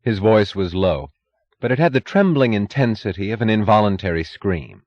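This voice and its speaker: A man narrating a novel in a measured, expressive reading. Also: fairly low pitch, no echo, muffled recording. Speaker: audiobook narrator.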